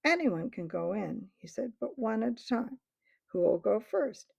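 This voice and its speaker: A woman's voice: a little high, sing-song, unhurried, creaky, husky, dry recording, heavily acted. A woman voicing a scheming, jeering male ape who taunts and bullies the crowd of beasts in a storybook reading. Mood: menacing. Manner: sneering, taunting, shouting orders. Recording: dull lo-fi recording.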